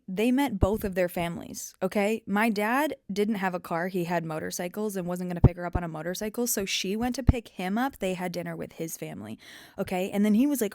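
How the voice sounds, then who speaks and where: A woman in her twenties telling a family story to camera in an animated, gossipy way with playful swearing. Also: medium pitch, a little fast, no room sound, studio quality. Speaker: vlogger.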